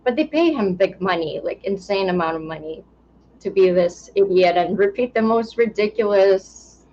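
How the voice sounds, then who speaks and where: Female podcast co-host, casual and chatty, mid-pitched voice, dull lo-fi recording. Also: expressive, normal speed, darkish tone. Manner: chatty, reads listener questions aloud. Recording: dull lo-fi sound with faint noise.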